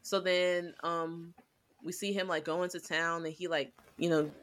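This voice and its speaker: A woman with a bright, forceful tone and a somewhat low pitch, talking casually on a podcast. She rambles through lots of fillers and gets animated as she retells scenes. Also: a little slow, a little hiss or hum. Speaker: podcast co-host. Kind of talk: casual anime review chat.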